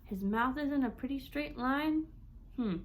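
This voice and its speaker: A woman speech-language pathologist teaching parents with a children's book, animated and encouraging, often asking questions. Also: high-pitched, moderate pace, slight background noise.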